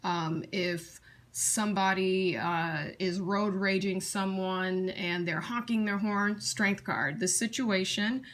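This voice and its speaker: A woman teaching tarot in a casual, blunt, chatty way, often restarting her sentences and slipping into quick acted-out scenes. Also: mid-range voice, steady tone, fairly bright tone. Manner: blunt, chatty, acts out scenarios in quick asides; frequent fillers and restarts.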